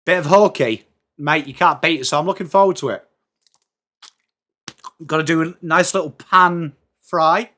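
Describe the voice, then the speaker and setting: A man's voice: on the high side, normal speed, long pauses, pushed and bright. A man with an English accent hosting a casual live sports watchalong stream, chatting and greeting viewers by name. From England.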